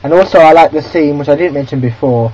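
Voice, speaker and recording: A man's voice: a little high, fast, background noise. A young man rambling chattily as he reviews a film in a casual video diary, often restarting his sentences, recorded on a built-in camera microphone. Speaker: film vlogger. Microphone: built-in camera mic. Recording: muffled lo-fi camera mic.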